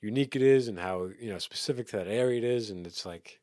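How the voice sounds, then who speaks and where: A man's voice: lowish voice, quick pace, a little mellow, no echo, clean studio sound. A man hosting a casual podcast chat about music, rambling with many fillers and restarts. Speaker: podcast host.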